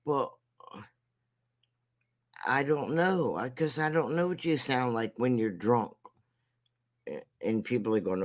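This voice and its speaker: A man giving a casual commentary rant as a vlogger, rambling and mocking, with halting restarts. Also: mid-range voice, expressive.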